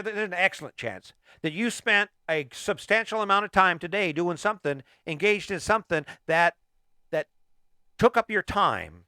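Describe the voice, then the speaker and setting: A man's voice: on the high side, pushed and bright, no room sound, studio quality. A middle-aged man hosting a motivational podcast, talking emphatically and firing off repeated rhetorical questions. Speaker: podcast host.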